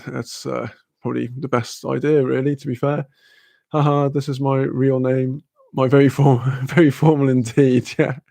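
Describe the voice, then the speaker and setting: A young man chatting casually on a live stream, laughing often and filling pauses with ums. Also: medium pitch, vocal fry, a little mellow, no echo, studio quality.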